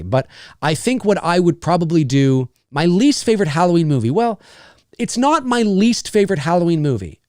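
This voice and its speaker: A man hosting a casual live question-and-answer stream, rambling and animated, full of fillers, restarts and swearing. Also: a little high, dry recording, studio quality. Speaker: channel host.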